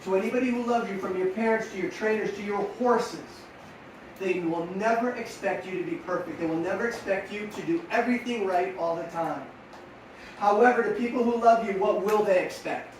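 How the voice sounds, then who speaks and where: Middle-aged male coach, high-pitched, energetic motivational talk, recorded far off in a reverberant hall. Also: brisk, slight background noise. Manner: energetic, rhetorical questions to the audience. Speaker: sports mental coach. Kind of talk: motivational talk to young riders. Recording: echoey room, mic at a distance.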